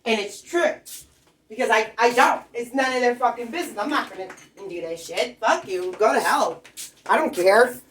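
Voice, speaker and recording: A woman's voice: on the high side, moderate pace, a bit bright, a little hiss or hum. A woman in a heated, rambling monologue, swearing constantly as she vents. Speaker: vlogger. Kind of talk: profane ranting monologue.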